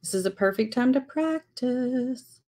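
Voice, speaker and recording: A woman's voice: fairly high pitch, lively intonation, measured pace, a little mellow. A woman teaching a live-streamed lettering class, chatting and greeting viewers by name as she writes.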